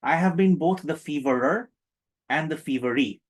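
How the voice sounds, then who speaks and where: Playful higher-voiced man leading a workshop. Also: normal speed, low-quality recording. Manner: playful, joking, emphatic, engages the audience. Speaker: meditation workshop instructor. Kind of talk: interactive spiritual workshop talk.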